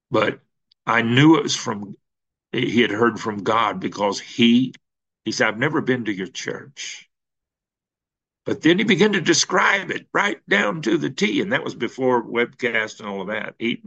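A male pastor telling a story in a sermon, slow and halting with many fillers, then building to emphatic peaks. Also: on the low side, fairly bright tone, highs cut off.

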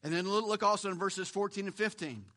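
A man's voice: sits high, brisk, bright, forceful tone. A male pastor preaching a sermon, emphatic and full of rhetorical questions, often repeating a word for stress.

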